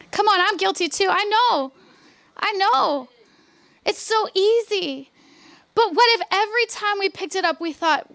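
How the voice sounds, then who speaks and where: A woman pastor preaching a revival sermon, with fervent, repeated declarations that drop into soft, conversational asides. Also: very high-pitched, expressive, measured pace, vocal fry, long pauses, dry recording.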